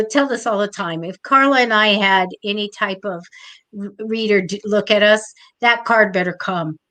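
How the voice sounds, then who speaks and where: A woman's voice: medium pitch, fairly bright tone, rough recording. A woman co-hosting a live show as a tarot reader, who talks in a chatty, enthusiastic way with many exclamations. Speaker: psychic tarot reader, co-host.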